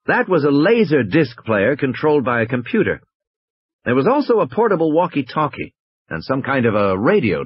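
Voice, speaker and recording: A man reading a novel aloud as an audiobook, with big pitch swings for the dialogue. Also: husky, no room sound, muffled recording. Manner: lively, with big pitch swings for quoted speech. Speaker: audiobook reader. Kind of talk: amateur audiobook narration.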